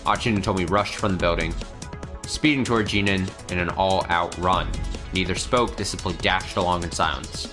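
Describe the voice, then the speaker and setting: Deep-voiced man streaming a visual novel. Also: normal speed, over music. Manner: reads the story text, breaks off to laugh and comment. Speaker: let's play streamer. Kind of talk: reading a visual novel aloud with commentary.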